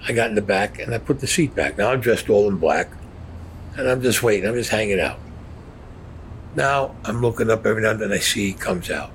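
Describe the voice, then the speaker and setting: A man's voice: fairly low pitch, expressive, fairly quick, a little hiss or hum. An older man telling a crime story in a blunt, profane, matter-of-fact way.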